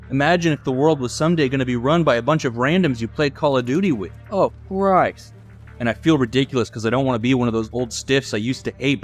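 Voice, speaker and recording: A young man from the United States reads a scripted video essay in a sardonic, opinionated tone, swearing freely. His voice sits at a middle pitch. Soft music plays faintly underneath. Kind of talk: scripted commentary narration.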